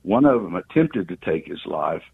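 A man in his sixties calling in to a radio show, telling a long story in an earnest, halting way. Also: deep voice, very animated, creaky, slightly rough, no echo. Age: 60s. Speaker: caller. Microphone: telephone. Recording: tinny phone line.

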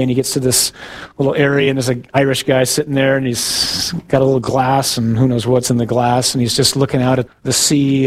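Conversational priest preaching a sermon. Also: male voice, mid-range voice. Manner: conversational and self-deprecating, with asides to the congregation.

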